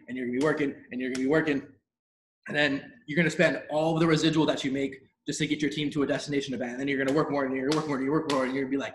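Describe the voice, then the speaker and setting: The host of a team training call runs a live online session, using casual slang and repeating himself emphatically to motivate the group. The audio is poor, and his voice sits in the mid range.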